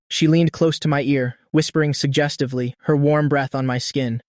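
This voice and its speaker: Man narrating a story, fairly high voice. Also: steady tone, moderate pace, few pauses, no room sound, studio quality. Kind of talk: scripted audiobook narration.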